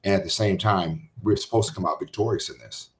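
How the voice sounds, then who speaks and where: A man hosting as a pastor in a casual interview, sincere and halting with many restarts. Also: low voice. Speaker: pastor and podcast host.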